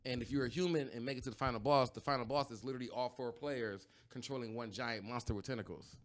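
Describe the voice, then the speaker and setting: A man's voice: medium pitch, steady tone, quick pace. A man co-hosting a podcast, chatting casually in a loose, rambling way with lots of fillers and restarts. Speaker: podcast co-host. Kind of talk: casual chat.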